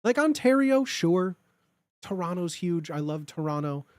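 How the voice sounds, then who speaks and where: A young man from the Chicago area, livestreaming and chatting casually with viewers, rambling excitedly with lots of filler words and swearing. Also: high voice, a little slow, no room sound. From Chicago area, United States.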